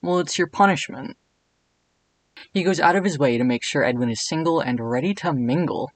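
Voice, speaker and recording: A man narrating a comedic video essay in an irreverent, jokey way with deadpan asides. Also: medium pitch, fast, poor audio.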